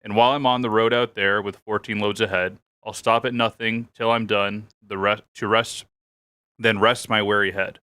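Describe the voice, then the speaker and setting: A man's voice: fairly low pitch, flat delivery, pushed and bright, clean tone, no echo. Man from Canada reciting a poem. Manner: measured, playful. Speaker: streamer. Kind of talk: reading a poem aloud.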